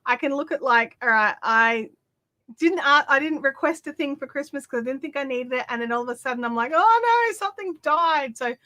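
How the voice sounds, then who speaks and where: A chatty woman hosts a live craft stream. Her voice sits high and rings bright as she rambles through viewer comments. She fills the gaps with plenty of ums and quick asides. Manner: chatty and animated, many fillers and asides. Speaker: craft livestream host.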